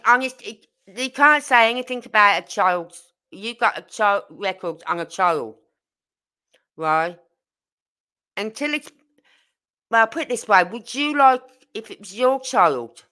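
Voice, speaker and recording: Clear and resonant, this woman's mid-range voice sounds pushed and bright. As a true crime channel host on a casual livestream, she rambles and grows indignant reading viewer comments.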